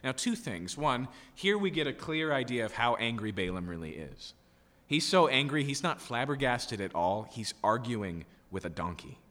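Man, preacher, expository sermon, emphatic, rhetorical questions, middle pitch, long hall reverb. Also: animated, normal speed, a bit bright. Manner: emphatic, with rhetorical questions and frequent "okay?" tags.

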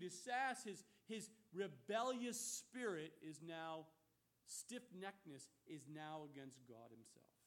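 A man preaching a sermon in an animated, emphatic way, mixing casual slang into his teaching. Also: sits high.

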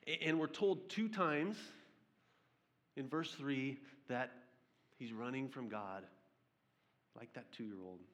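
A male pastor preaching a sermon, reading scripture aloud and retelling it as lively storytelling with questions to his listeners. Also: mid-range voice, slow, pauses often.

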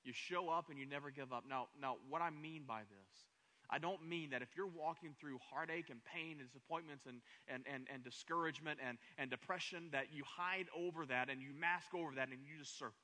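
A man's voice: on the high side, a little fast, sharp tone. A man in his thirties preaching a sermon as pastor, emphatic, repeating words and building to raised, passionate runs.

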